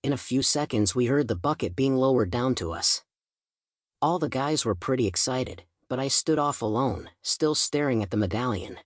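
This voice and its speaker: A man narrating a first-person audiobook in a steady storytelling manner. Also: mid-range voice, normal speed, dry recording, studio quality.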